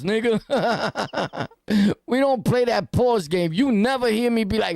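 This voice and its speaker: A man with a New York City accent, hosting a podcast and reacting to news clips in loud, profane, laughing street talk. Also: sits high, unhurried, vocal fry, dry recording, clean studio sound. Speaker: podcast host.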